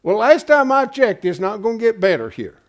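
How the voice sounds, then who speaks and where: A man's voice: sits high, very animated, a little fast. A man preaching a Bible-study sermon, emphatic and folksy, often asking his congregation rhetorical questions. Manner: folksy, calls listeners "folks".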